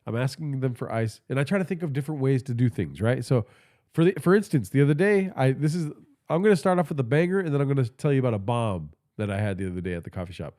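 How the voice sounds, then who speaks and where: Holding his phone in his hand, a man hosts a podcast livestream and speaks quickly in a dark, mid-range voice. His storytelling is casual, profane and rambling, and he sounds stuffed up.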